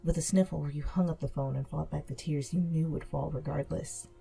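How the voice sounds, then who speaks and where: A woman narrating a second-person fan fiction story in a soft, slow storytelling way. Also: low voice, steady tone, vocal fry, breathy edge. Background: soft music.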